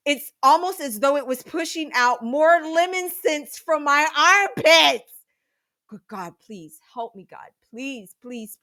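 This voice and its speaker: A woman, likely in her thirties, telling a comedic personal story on a podcast in a dramatic, animated way with sudden loud bursts. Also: fairly high pitch.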